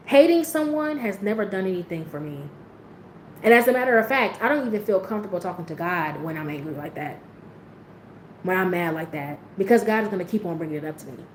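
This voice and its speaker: A woman's voice: mid-range voice, a little mellow. A woman speaking candidly to her livestream viewers. She is blunt and profane, and her voice sits in the middle range. The sound comes through a roomy, echoing space with a faint hiss underneath. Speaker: livestream host. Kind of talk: candid motivational livestream talk.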